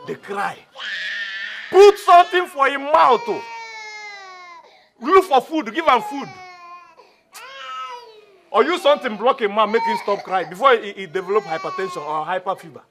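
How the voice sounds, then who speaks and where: A man's voice: sits high, fast talker, few pauses. An actor playing a meddling, blundering gate man in a comic film, talking Nigerian Pidgin with stammers and slips. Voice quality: animated, slips into Pidgin, stammers over words. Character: meddling male gatekeeper, comically bossy and blundering. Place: indoor room. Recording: echoey room, loud background noise.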